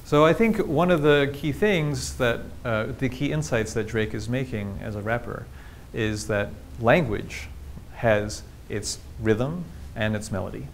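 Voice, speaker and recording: A man of middling pitch gives a public talk on language, walking listeners through his slides and asking them questions as he goes. His delivery is engaged and explanatory. A faint low rumble sits behind the recording. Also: a little slow. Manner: explanatory, engaged, asks the audience rhetorical questions. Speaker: linguistics lecturer.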